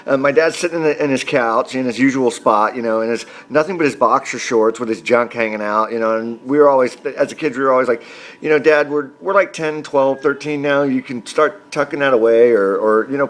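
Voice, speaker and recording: A man's voice: medium pitch, a bit bright. Rambling storytelling man in his forties. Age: 40s. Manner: rambling, chatty, many fillers. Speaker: comedian vlogger. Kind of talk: storytelling comedy monologue.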